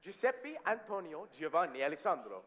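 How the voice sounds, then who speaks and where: A man's voice: fairly high pitch, sing-song, fairly quick, a bit bright. An actor playing a polite, reserved young immigrant man. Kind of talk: musical theatre acting.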